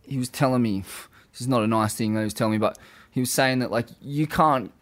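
A man chatting casually as host, relaxed, profane and a little hesitant. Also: medium pitch, quick pace. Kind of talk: casual chat.

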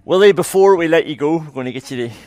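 A man co-hosting a podcast, upbeat, quick to praise and run the game. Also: a little high, expressive, darkish tone, dry recording. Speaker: podcast co-host. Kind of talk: casual hosting chat. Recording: dry close studio sound.

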